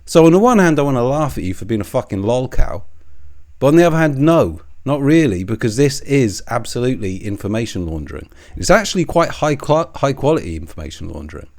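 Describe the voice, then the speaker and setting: A man's voice: medium pitch, sing-song, a little fast, darkish tone. A man delivering a profane, scornful, sarcastic political commentary rant. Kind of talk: ranting commentary.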